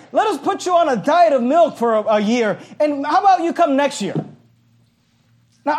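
A male pastor preaching a sermon in an animated, joking way, at times shouting. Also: very high voice.

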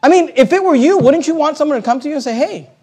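A man preaching a sermon as pastor, swinging between soft and loud and acting out little dialogues. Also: extremely high pitch, racing. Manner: acts out little dialogues and quotes scripture.

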